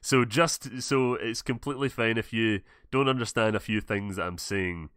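A man's voice: lowish voice, normal speed, fairly bright tone, clear, resonant tone, no echo, studio quality. A young Scottish man hosting a casual podcast, rambling, swearing and correcting himself as he goes. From Scotland. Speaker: podcast host. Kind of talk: casual chat.

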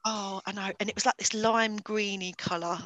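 A woman's voice: medium pitch, steady tone, moderate pace, fairly bright tone, no room sound, poor audio. A woman telling a dating story in casual podcast chat, chatty with lots of fillers and bursts of laughter.

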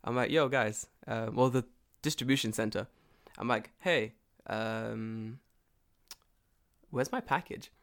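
A man in easy, profane conversation, spinning a long grievance story. He laughs between lines and slips into quick impressions of the people he talks about. His voice sits at an ordinary middle pitch. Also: vocal fry. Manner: animated, acts out both sides of a phone call, laughs often, swears a lot. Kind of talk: casual profane storytelling chat. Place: lives and works in Japan.

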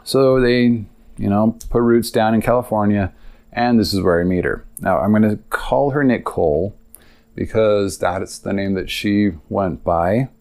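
A man's voice: on the low side, measured pace, vocal fry, a little mellow. A man hosting a podcast, telling a long personal story in a rambling, confessional way with many fillers. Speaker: podcast host. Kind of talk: casual storytelling monologue.

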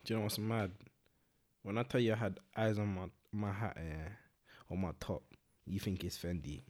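A man, co-hosting a podcast in relaxed casual chat and often repeating his catchphrases. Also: lowish voice, moderate pace. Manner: laid-back, repeats catchphrases. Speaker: podcast co-host.

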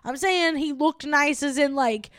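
A woman's voice: high voice, measured pace, no echo, studio quality. A young woman co-hosting a comedy podcast in casual chat, swearing freely and acting out quotes. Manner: swearing, animated, acts out quotes. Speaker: podcast co-host.

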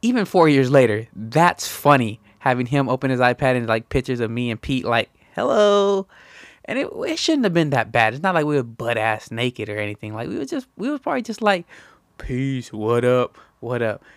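A young man telling a rambling, slangy story, often tagging "right?" and jumping high in pitch when he quotes himself. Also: sing-song, a little fast, few pauses, no room sound. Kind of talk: casual anecdote.

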